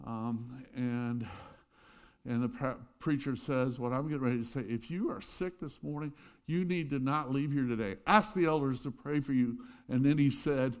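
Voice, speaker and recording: A middle-aged man preaching a sermon, telling stories with loud bursts and quiet asides. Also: mid-range voice, moderate pace. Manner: animated storytelling, swings between loud bursts and quiet asides. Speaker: pastor.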